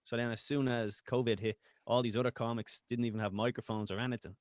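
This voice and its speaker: Laughing Irish podcast guest. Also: male voice, mid-range voice, fairly even intonation, fast, no room sound, studio quality. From Ireland. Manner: jokey and profane, laughs often. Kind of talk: casual podcast chat. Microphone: video call.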